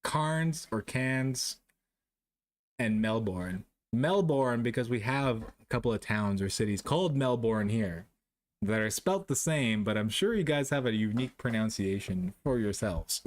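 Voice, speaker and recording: A man's voice: on the low side, lively intonation, normal speed. A young man streaming live, chatting casually with his viewers while playing a guessing game, joking at his own expense and laughing often. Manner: jokey, self-mocking, laughs often.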